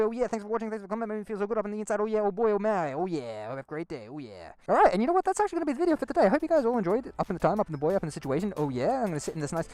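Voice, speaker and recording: A man's voice: high-pitched, darkish tone, no room sound. A young man vlogging about motorcycle riding, goofy and playful, reading viewer comments and repeating silly catchphrases. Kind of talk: casual vlog narration.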